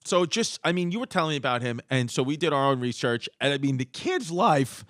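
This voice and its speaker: Bright rambling podcast host. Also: male voice, fairly high pitch, very animated, fairly quick, no room sound, studio quality. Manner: rambling storyteller, playful. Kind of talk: casual chat.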